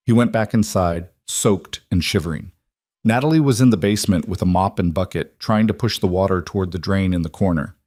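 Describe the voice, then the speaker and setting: A man reading a dramatic story in an even, measured narration style. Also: deep voice, no echo, studio quality. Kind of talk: scripted narration.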